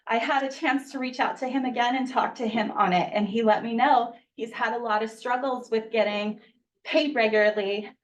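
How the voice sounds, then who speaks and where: A woman's voice: fairly high pitch, fairly even intonation. A mother in her thirties makes a public comment to a school board, earnest and at times choked with feeling. She stands some way back from the podium mic, so her voice sounds a little distant in the meeting room. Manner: emotional, earnest, rushed at times. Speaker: parent speaking at public comment.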